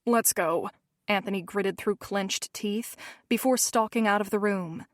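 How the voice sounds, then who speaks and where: A woman narrating a romance novel in first person, measured and steady. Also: mid-range voice, no room sound, studio quality. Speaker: audiobook narrator.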